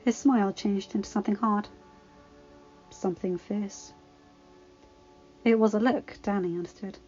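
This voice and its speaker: A woman reading fan fiction aloud in a calm, even storytelling voice. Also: mid-range voice, normal speed, lo-fi sound, faint music behind. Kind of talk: storybook narration.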